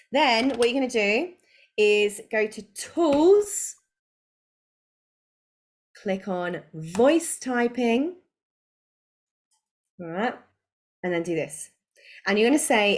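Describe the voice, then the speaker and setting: Woman, business coach on a live webinar, casual and chatty, laughs a lot, mid-pitched voice. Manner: chatty and informal, laughs often. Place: home spare room.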